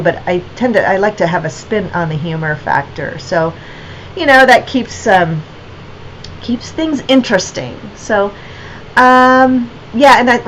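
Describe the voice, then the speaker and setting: A woman's voice: medium pitch, a little hiss or hum, rough recording. A woman artist and gallery owner chatting casually on her livestream, rambling with lots of fillers and restarts.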